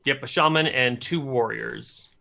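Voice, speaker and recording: A man's voice: mid-range voice, a little slow, creaky. A man running a tabletop game, describing the scene and the characters' actions. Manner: descriptive, steady narration of scenes. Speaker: game master.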